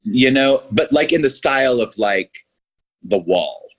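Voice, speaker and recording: A man's voice: medium pitch, animated, a little slow. A male filmmaker chatting enthusiastically in an interview, rambling with frequent restarts. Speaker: filmmaker guest. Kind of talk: casual podcast interview.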